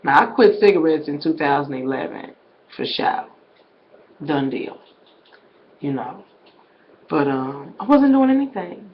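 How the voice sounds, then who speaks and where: Chatting loosely on camera, this woman keeps addressing her audience as "y'all," her low voice lively in intonation and unhurried, with long pauses. She swings from hushed asides to loud exclamations, and the recording sounds muffled.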